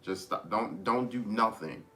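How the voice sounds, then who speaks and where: A man giving a casual tarot reading, rambling with many restarts as he gently advises his listeners. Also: lowish voice, a little slow. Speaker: tarot reader.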